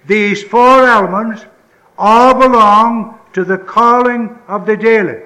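A man preaching a sermon with emphatic repetition, moving between pleading outbursts and hushed, solemn passages. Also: high-pitched, steady tone, takes it slowly, reverberant, low-quality recording. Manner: emphatic, repetitive preaching with rising pleas and sudden hushed drops. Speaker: pastor.

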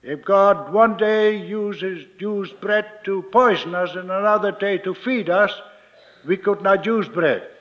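A man preaching a sermon as a minister, slow and emphatic, repeating his key phrases. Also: high voice, a bit bright, lo-fi sound.

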